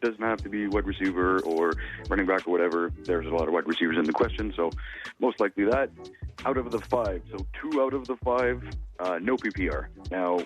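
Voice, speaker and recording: A man's voice: low voice, a little fast, faint music behind. A man calling in to a sports show to ask a fantasy football question in a friendly, chatty way. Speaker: caller.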